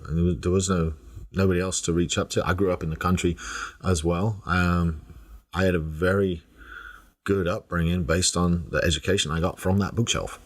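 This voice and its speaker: Host: deep-voiced Northern English man, casual and chatty. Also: fairly even intonation, normal speed. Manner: chatty, laughs easily. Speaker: podcast host. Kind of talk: casual conversation.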